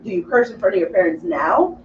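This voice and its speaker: A woman co-hosting a radio chat show who asks the group questions and reacts in an animated way. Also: medium pitch, brisk, muffled recording. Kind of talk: casual chat. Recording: echoey distant mic with faint hiss.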